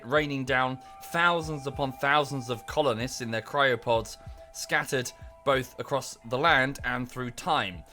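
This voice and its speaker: A man's voice: mid-range voice, sharp tone. A young man explaining a game's backstory on a casual stream, with many fillers. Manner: explains the game setting, thanks viewers, many fillers. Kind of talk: casual game stream commentary. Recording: faint music behind the voice.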